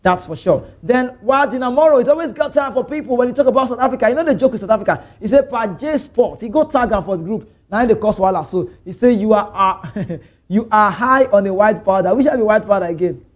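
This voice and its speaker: A man's voice: sits high, fast talker. A young Nigerian man with a Nigerian accent, hosting a casual football talk stream, chatting and reading out viewer comments, slipping into pidgin. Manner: chatty, animated, drifts into pidgin. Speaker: sports show host.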